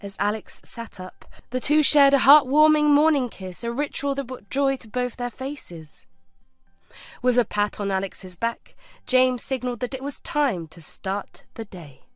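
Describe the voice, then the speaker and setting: Smooth-voiced woman reading a story, kinda high, measured. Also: no room sound, studio quality, faint music behind. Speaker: narrator. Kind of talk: scripted storybook narration.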